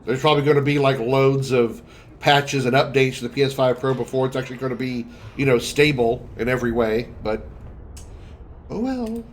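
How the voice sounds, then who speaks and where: A man's voice: mid-range voice, moderate pace, a little hiss or hum. Wry, chatty male game streamer. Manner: wry, chatty, self-deprecating. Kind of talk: casual gameplay commentary.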